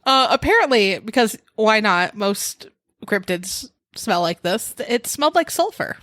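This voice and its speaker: A woman's voice: medium pitch, big pitch swings, a little slow, fairly bright tone, no room sound. A woman co-hosting a podcast in casual chat, wry and teasing, laughing often. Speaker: podcast co-host.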